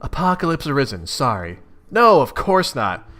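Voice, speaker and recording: A man's voice: on the high side, big pitch swings, moderate pace, sharp tone, soft background music. A man voicing a cheerful, cryptic young female troll. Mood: chipper.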